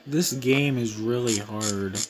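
A man's voice: mid-range voice, takes it slowly, low-quality recording. Rambling young man streaming a game. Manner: rambling, filler-heavy, jumpy and excitable. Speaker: gaming YouTuber. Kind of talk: casual let's-play commentary.

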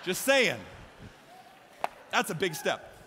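A man with an American Midwestern accent preaching a lively sermon as a pastor, with emphatic bursts and shouts. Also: high-pitched, slow, crowd noise, background noise. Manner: energetic, emphatic preaching with sudden loud shouts. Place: large church sanctuary. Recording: long hall reverb from a church.

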